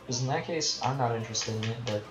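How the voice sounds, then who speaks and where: Brief: casual male game streamer, joking and rambling, echoey room with loud game music. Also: medium pitch, quick pace. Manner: rambling, self-deprecating, chatting with viewers. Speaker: gaming livestreamer. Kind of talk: casual live commentary while gaming. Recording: roomy echo with game music behind.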